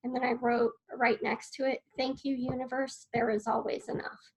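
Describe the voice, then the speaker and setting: A woman's voice: sits high, level tone, moderate pace, rough recording. A woman teaching a class in an earnest, personal way, repeating key phrases as she writes notes on a board. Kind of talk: casual spoken lesson.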